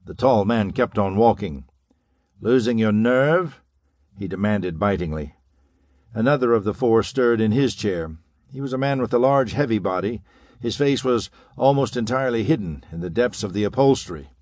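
A man's voice: on the low side, brisk, darkish tone, no echo. Male narrator reading pulp fiction dramatically. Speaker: audiobook narrator.

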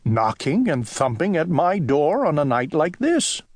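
A man voicing a fussy, kindly little male owl in a children's audiobook, in a high, excitable, sing-song voice. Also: unhurried, no room sound, clean studio sound, exaggerated voice. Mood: fretful.

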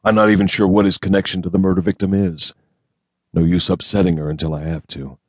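A grim, brooding male federal agent, read by a man in an audiobook, talking in gruff, clipped lines. The voice sits very low. The sound is close and dry, with no room around it. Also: fairly even intonation, fast, no echo. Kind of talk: audiobook character reading.

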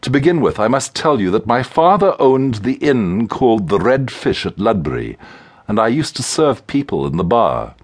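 A male audiobook narrator voicing a spirited, impatient young woman who speaks briskly and with exasperation. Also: medium pitch, very animated. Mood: earnest. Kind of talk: audiobook character reading.

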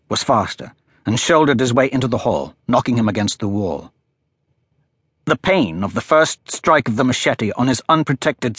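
A man's voice: mid-range voice, a bit bright, slightly rough, dry recording, studio quality. Man reading a thriller audiobook. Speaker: audiobook narrator. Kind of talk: scripted audiobook narration.

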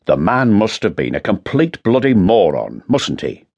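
A man's voice: fairly low pitch, big pitch swings, moderate pace, vocal fry, a little mellow, lo-fi sound, full character voice. A man voicing a blunt, sardonic middle-aged police chief inspector, in an audiobook.

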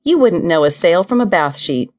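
A woman's voice: lowish voice, big pitch swings, normal speed, darkish tone. A cheerful, bratty young woman who teases her brother , as a woman narrator voices her. She speaks with sassy playfulness in an audiobook.

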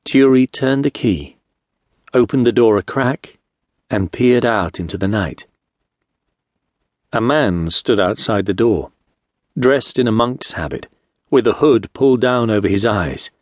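A man narrating an audiobook in a measured, expressive storytelling manner, close to a studio mic. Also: lowish voice, dry recording. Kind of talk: scripted narration.

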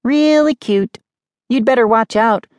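A narrator voicing a prim, bossy older sister who whines and snaps. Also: male voice, very high voice, a little slow, dry recording, voice pushed up. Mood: scornful. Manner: whiny, snapping.

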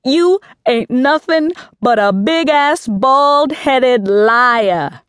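A woman's voice: high voice, lively intonation, very slow, a bit bright, dry recording, studio quality, voice pushed up, heavily acted. Woman as a fiery streetwise young woman. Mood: defiant.

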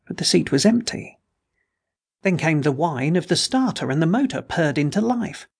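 Male narrator, husky, gravelly tone, for vintage sci-fi storytelling. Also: fairly high pitch. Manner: measured storytelling. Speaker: audiobook narrator. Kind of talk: scripted narration.

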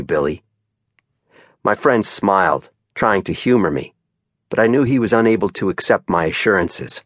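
Low-voiced male audiobook narrator. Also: no room sound, studio quality. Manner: measured, even storytelling. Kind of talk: scripted first-person audiobook narration. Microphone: close studio mic.

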